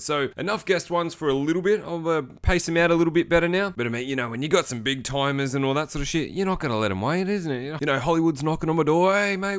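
A young man talks through a movie on his own podcast in a loose, rambling way. His asides are sarcastic and full of swearing. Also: mid-range voice. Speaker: podcast host. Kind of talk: casual solo movie commentary.

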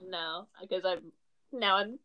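A woman's voice: on the low side, slow, dull audio. A young woman co-hosting a podcast, telling stories in casual chat and swearing often. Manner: animated storytelling, swearing. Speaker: podcast co-host.

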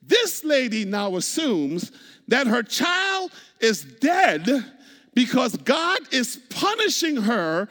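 A man preaching a sermon as pastor, repeating words, calling out to the congregation and breaking into sung and shouted phrases. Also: very high-pitched, sing-song, slow. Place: church sanctuary. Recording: long hall reverb.

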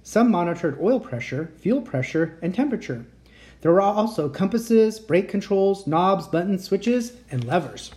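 A woman reading a children's chapter book aloud as a bedtime story, with lively storytelling. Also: moderate pace. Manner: lively storytelling, raising pitch for shouted lines. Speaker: reader.

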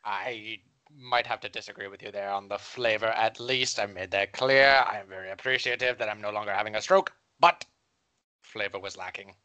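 A man's voice: on the low side, steady tone, moderate pace, bright, forceful tone, clean tone, low-quality recording. A man playing an agreeable male fruit business tycoon in an improv comedy sketch, talking in a formal, mock-polite way.

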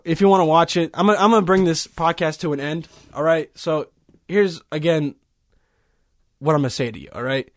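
High-voiced man rambling on a podcast. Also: no room sound, studio quality. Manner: rambling, profane, heavy with fillers. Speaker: podcast host. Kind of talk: casual podcast rant. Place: small recording studio.

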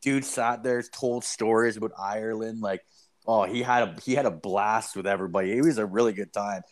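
A man's voice: lowish voice, a little fast. Profane rambling guy. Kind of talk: casual storytelling chat.

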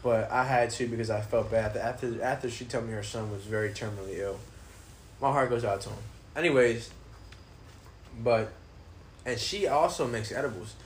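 A man's voice: medium pitch, moderate pace, long pauses. Male podcast host, loose rambling talker, light background hiss. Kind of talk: casual podcast chat. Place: apartment room.

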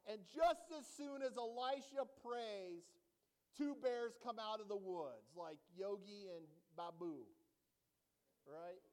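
A male pastor preaching a sermon to a congregation in a church, animated and joking, often checking in with the audience. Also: high-pitched, slow, clean tone, big-room sound.

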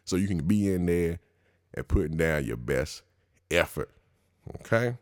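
A man's voice: deep voice, lively intonation, a little slow, no room sound, studio quality. A male podcast host in a slangy, profane comedic monologue, laughing at his own riffs.

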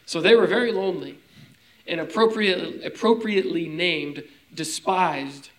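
A man's voice: high-pitched, unhurried, low-quality recording. A young man preaching a casual teaching sermon, talking conversationally and often checking in with his listeners. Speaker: pastor.

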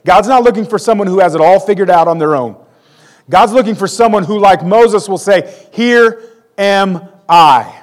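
A man's voice: sits high, a little fast. A man in his forties preaching a conversational sermon with self-deprecating humor. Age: 40s. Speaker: pastor.

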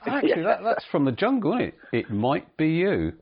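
A man's voice: a little high, huge pitch swings, a little fast, breathy edge, muffled recording. A man hosting a podcast in casual chat, self-deprecating and stumbling over his words. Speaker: podcast host.

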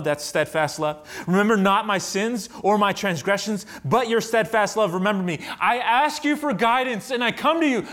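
Fervent male preacher, slightly high voice. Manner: swings from hushed to fervent, reads scripture aloud. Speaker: pastor. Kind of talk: sermon.

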